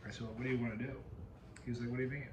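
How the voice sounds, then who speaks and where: A man at an everyday middle pitch tells a rambling story to his camera, often breaking off and restarting. The room around him is echoey, with a faint hum of background ambience. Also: flat delivery, very fast. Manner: rambling, self-interrupting storyteller. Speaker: video host.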